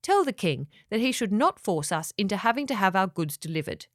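Kobieta grająca zirytowanego młodego mężczyznę. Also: female voice, medium pitch, sing-song, fairly quick, dry recording, clean studio sound, natural voice. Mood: annoyed. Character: cross young man, blunt and annoyed.

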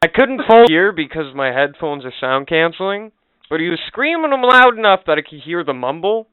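A relaxed man tells a rambling story on a podcast, swearing casually as he goes. His voice is smooth and a little raised in pitch. The sound is thin and phone-like, with no room echo at all. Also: fairly quick. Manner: laid-back, swearing, rambling anecdotes. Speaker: podcast co-host. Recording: dry, phone-like narrow sound.

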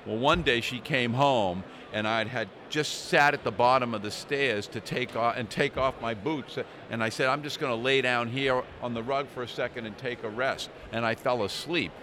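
A man's voice: medium pitch, moderate pace, hardly any pauses, bright, forceful tone. A man in his sixties, a small business owner, chatting casually and telling anecdotes, swearing now and then. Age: 60s. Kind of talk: casual storytelling chat. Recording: outdoor crowd chatter behind.

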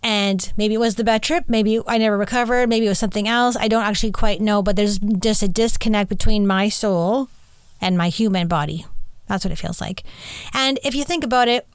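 Woman host, candid solo podcast; earnest, halting, rambling delivery, smooth clear tone, close dry sound. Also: medium pitch, no echo. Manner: rambling, earnest, halting with many fillers and restarts. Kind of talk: candid personal monologue.

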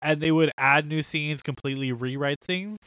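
A man co-hosting a podcast in casual chat, animated and laughing often, with loose filler words. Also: a little high, normal speed, no room sound. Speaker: podcast co-host.

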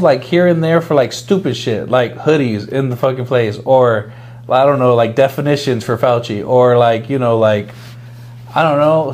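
A man's voice: medium pitch, darkish tone. A man co-hosting a podcast in casual chat, profane and heated, often searching for his words mid-sentence.

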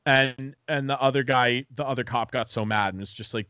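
Speaking briskly with few pauses, this podcast host spins a profane, animated story, doing the voices of the people he quotes. His mid-range voice is smooth and the recording is dry.

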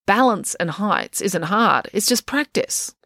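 A woman's voice: mid-range voice, sing-song, slow pace, creaky, fairly bright tone, no room sound, clean studio sound, full character voice. A woman voicing a stern, blunt old woman who was once a circus aerialist. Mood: brusque. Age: older. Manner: brusque, blunt and commanding.

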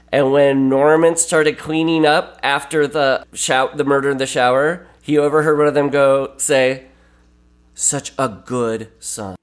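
A man talking casually as a podcast guest, rambling and animated, with many fillers and restarts. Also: medium pitch. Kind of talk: casual film discussion.

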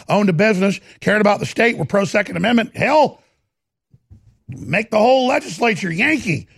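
A Texan man delivers a sarcastic political rant in a high, gravelly voice. His tone is husky and mocking, and the recording is bone dry with no room sound. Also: no echo. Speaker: political commentary host. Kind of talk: opinionated political commentary.

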